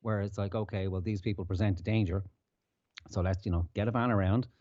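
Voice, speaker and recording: A podcast host rants in a low, mellow voice, cursing freely as he argues his point. The sound is dry and a little dull, like a lo-fi podcast mic. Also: steady tone, brisk, no room sound. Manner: ranting, heavy swearing. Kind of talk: casual profane commentary.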